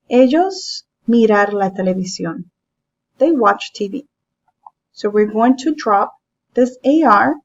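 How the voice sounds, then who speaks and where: A woman teaching a language lesson, explaining grammar step by step in a patient, measured way. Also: mid-range voice, a little mellow, dull audio. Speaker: Spanish teacher. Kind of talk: classroom lesson narration.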